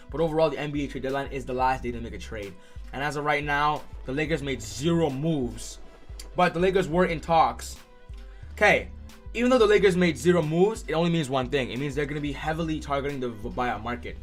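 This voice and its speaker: A young man hosting a live sports stream, reacting excitedly and answering chat by name. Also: a little high. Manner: excitable, reads chat names aloud.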